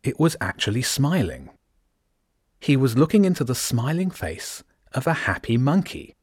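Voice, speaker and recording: A man narrating an audiobook in a steady, measured storytelling voice. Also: medium pitch, slightly rough, no echo, studio quality.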